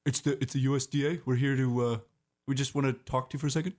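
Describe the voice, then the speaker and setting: A man's voice: mid-range voice, fairly even intonation, fast, darkish tone, close to an everyday voice. A man playing a curt male government agent who knocks at the door, heard from a distance. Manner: curt, threatening.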